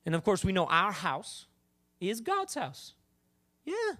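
A woman preacher giving a sermon in a conversational, animated way, often acting out the voices of the people she talks about. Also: mid-range voice, slow.

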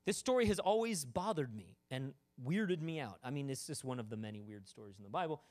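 A man's voice: mid-range voice, expressive, fairly quick, a little mellow. A man preaching a sermon in a casual, joking way, full of asides to the congregation. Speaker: pastor.

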